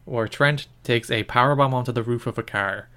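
A young man co-hosting a relaxed chat show, trading wry, dry jabs at an easy middle pitch. His delivery stays deadpan and teasing while he walks through the details. He sounds like someone joking with a friend. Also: fairly quick. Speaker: podcast co-host. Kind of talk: casual chat.

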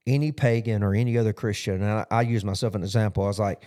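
A man's voice: lowish voice, fairly even intonation, racing, mellow. A man, a pastor, talking casually about his sermon in a loose, rambling way full of fillers. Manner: rambling, with frequent "you know" fillers. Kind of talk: casual podcast recap of a sermon.

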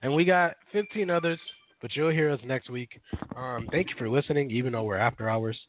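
A man's voice: medium pitch, fairly quick, no room sound. Guy hosting a chill radio show, rambles, lots of ums, tinny phone-like sound. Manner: rambling, filler-heavy, self-correcting. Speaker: podcast co-host. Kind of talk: casual radio chat. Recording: dry, phone-like narrow sound.

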